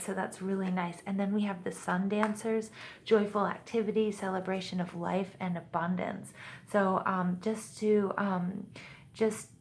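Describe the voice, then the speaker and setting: A woman's voice: medium pitch, slight background noise. A woman giving a casual, reassuring tarot reading to her viewers, talking in a chatty way full of "you know" and "like". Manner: chatty, upbeat, many fillers like "you know" and "like"; reassuring, addresses viewers directly. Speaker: tarot reader.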